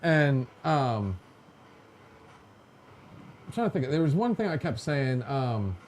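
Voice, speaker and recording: A man's voice: mid-range voice, sing-song, takes it slowly, darkish tone, slight background noise. A man hosting a casual podcast, telling stories in a chatty, joking way and mimicking other people in quotes. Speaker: podcast host. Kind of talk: casual storytelling chat.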